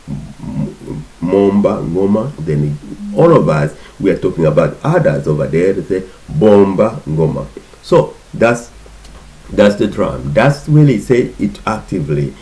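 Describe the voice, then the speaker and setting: A man giving an informal language lesson, patiently repeating words in slow drills. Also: deep voice, sing-song, mellow, rough recording. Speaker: language teacher.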